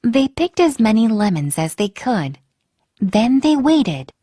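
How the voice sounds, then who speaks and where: Woman, storybook read-aloud, lively pitch, fairly high, expressive. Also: breathy edge, dry recording, clean studio sound. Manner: slow and expressive, acting out the characters.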